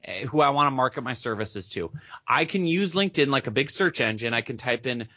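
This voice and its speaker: A man being interviewed as a business coach on a podcast, talking fast and eagerly and acting out chat messages as he goes. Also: mid-range voice, lively intonation, sharp tone, dry recording, dull audio. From Minneapolis area, United States.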